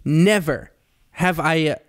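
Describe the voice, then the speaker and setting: A man co-hosting a comedy podcast in casual chat, animated and quick to jump into high comic voices. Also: dry recording, studio quality. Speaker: podcast co-host.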